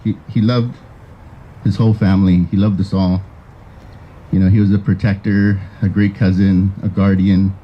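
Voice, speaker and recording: A man's voice: low-pitched, level tone, normal speed, dull audio. A man praising a family member at a graveside, repeating himself and saying "you know" often. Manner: repetitive, with many "you know"s. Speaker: family member giving a eulogy. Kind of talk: graveside eulogy. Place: outdoors at a graveside.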